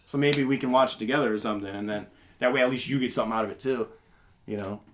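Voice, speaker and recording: A man's voice: medium pitch, fairly even intonation, racing, fairly bright tone, a little hiss or hum. A young man hosting a podcast, chatting casually in a rambling, laid-back way. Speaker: podcast host. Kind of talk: casual chat.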